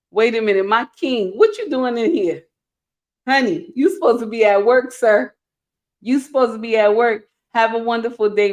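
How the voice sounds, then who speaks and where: A middle-aged woman hosting a live stream, reading viewer comments aloud with animated, playful scolding. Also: fairly high pitch. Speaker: host.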